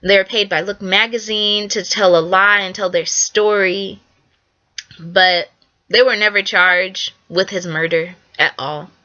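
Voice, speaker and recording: Bright-voiced young woman, earnest and repetitive. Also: medium pitch, steady tone, unhurried, muffled recording. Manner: earnest, repetitive, acts out quotes. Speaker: artist presenting her work. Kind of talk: casual spoken presentation.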